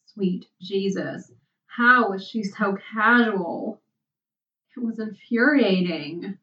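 A woman narrating a story aloud in an unhurried, soft-spoken way. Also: medium pitch, steady tone. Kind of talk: storybook reading. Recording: dull, distant sound.

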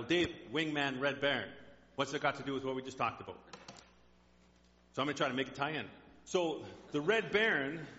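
A man's voice: a little high, pushed and bright. A male pastor delivering a sermon in a chatty storytelling manner in a church. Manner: conversational storytelling. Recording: dull echoey hall.

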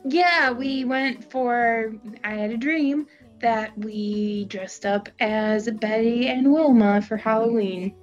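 A young woman co-hosting a casual podcast, playful and quick to laugh. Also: lo-fi sound. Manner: playful, laughs often, swoops in pitch. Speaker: podcast co-host. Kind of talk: casual chat. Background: faint music.

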